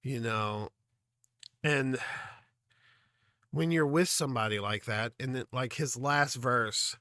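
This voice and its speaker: A man talks through his feelings about a song in a casual reaction video, halting and full of fillers. He sounds earnest and moved. His mid-range voice is picked up close, with a dry, dead sound. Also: medium pitch, sharp tone, no echo. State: emotional. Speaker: music reaction host.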